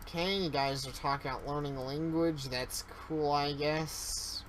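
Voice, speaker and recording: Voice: medium pitch, steady tone, normal speed, slight background noise, poor audio. A streamer giving joking, self-aware commentary while playing a horror game. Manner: jokey and self-aware, reacting to scares. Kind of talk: casual let's-play commentary.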